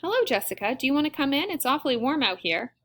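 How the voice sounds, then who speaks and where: A woman's voice: high-pitched, big pitch swings, quick pace, a bit bright, pitched above the performer's own voice. A woman reading an audiobook, voicing a cautious, skeptical middle-aged mother who speaks hesitantly and with concern. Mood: wary.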